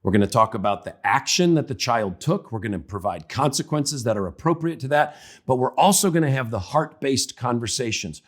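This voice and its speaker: Brief: male speaker, mid-pitched, chatty and humorous, teaching parents. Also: animated, a little fast, few pauses. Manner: conversational, humorous, acts out examples. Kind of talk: Christian parenting talk.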